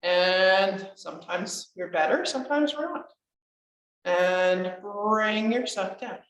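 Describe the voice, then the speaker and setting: A woman's voice: medium pitch, slow. A woman leading a guided chair yoga class, encouraging and chatty. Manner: encouraging, chatty, laughs often. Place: community class room. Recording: echoey room, voice from far off mic.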